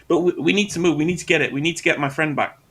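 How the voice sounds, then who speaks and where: A man's voice: on the high side, very fast, a bit bright, breathy edge. A man playing a tabletop game, speaking in a plain, matter-of-fact way. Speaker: player. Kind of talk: casual tabletop game chat.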